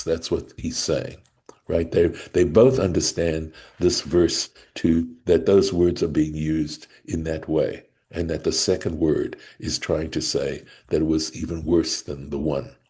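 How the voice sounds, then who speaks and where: Low husky man teaching a text study. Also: flat delivery, darkish tone. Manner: reads Hebrew and Aramaic phrases then translates, frequent "right?"; halting, restarts mid-sentence. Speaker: Torah teacher.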